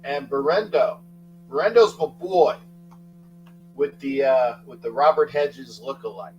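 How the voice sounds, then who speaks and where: A middle-aged man hosting a casual sports talk livestream, rambling, thanking chatters by name and breaking into sudden loud outbursts. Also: mid-range voice, measured pace, muffled recording, a little hiss or hum. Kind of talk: casual live chat with viewers.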